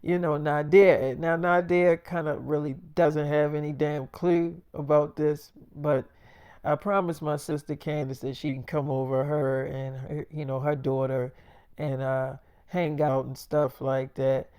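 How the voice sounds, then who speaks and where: A man's voice: fairly high pitch, level tone, a little slow, a little mellow, smooth. A man telling a made-up first-person story in a loose, rambling, profane way. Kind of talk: freestyle role-play storytelling.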